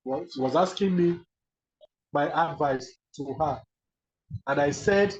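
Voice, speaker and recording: A man with a Nigerian accent giving an animated webinar lecture, often acting out the people he quotes. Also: fairly high pitch, unhurried, long pauses, reverberant. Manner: animated, acts out quoted speakers. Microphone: video call. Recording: dull lo-fi video call audio.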